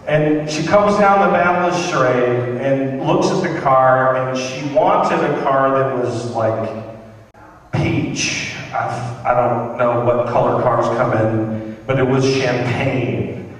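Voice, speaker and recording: A man doing open-mic stand-up, rambling and halting with many fillers and deadpan dark jokes. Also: mid-range voice. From American South. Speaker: stand-up comic. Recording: echoey hall, mic far off, faint noise.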